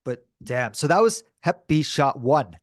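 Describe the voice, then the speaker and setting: A man co-hosting a podcast in casual chat, telling a story in a lively way and acting out the voices of the people in it, often saying dude and bro. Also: fairly high pitch, unhurried, dry recording, studio quality. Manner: animated, acts out quoted dialogue. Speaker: podcast co-host.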